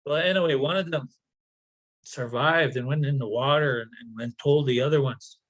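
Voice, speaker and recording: Man, storyteller, traditional oral tale, halting, repeats words, casual asides, video call. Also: medium pitch, a bit bright, low-quality recording.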